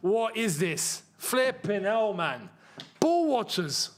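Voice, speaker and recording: A young man hosting a live football watchalong, reacting with frustration and bursts of excitement. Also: sits high, slow. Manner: frustrated, animated, swings between muttering and shouting. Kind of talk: live match watchalong commentary.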